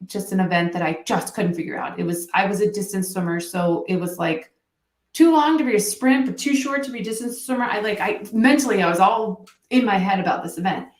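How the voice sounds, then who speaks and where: A woman who works as a mental performance coach, a podcast guest telling stories in a lively way and acting out what people said. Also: medium pitch, fairly quick, roomy sound. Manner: animated storytelling, acts out quotes. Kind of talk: podcast interview guest, casual chat.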